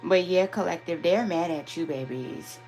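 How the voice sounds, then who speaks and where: A woman's voice: on the low side, normal speed, a little mellow, faint music behind. Chatty woman doing a live phone stream. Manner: affectionate, chatty, calls viewers "my babies" and "y'all". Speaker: spiritual reader hosting a live stream. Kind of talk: casual live-stream reading. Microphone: phone camera.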